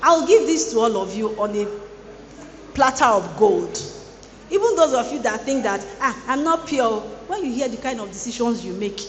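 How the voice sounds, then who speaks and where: A woman's voice: on the high side, lively intonation, normal speed, slight background noise. Playful woman preaching in a hall. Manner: playful, teasing the audience. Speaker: guest speaker at a student boot camp. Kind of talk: lively motivational sermon. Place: large hall. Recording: echoey large hall.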